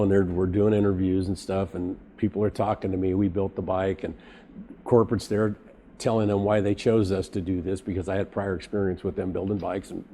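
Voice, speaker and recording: Man, middle-aged, low voice, mellow tone, casual storytelling, acts out the dialogue. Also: slight background noise. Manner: animated storyteller acting out quoted dialogue. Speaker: podcast guest, custom bike builder.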